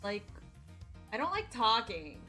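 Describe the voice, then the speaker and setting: A woman's voice: fairly high pitch, big pitch swings, takes it slowly, pushed and bright, soft background music. A woman streamer chatting casually with her viewers, playful and teasing, with frequent giggles.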